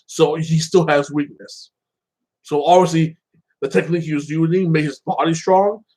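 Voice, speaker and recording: A man with a fairly high voice casually recaps and reviews a show episode, rambling with lots of fillers and acting out the characters' lines, captured in a low-quality recording.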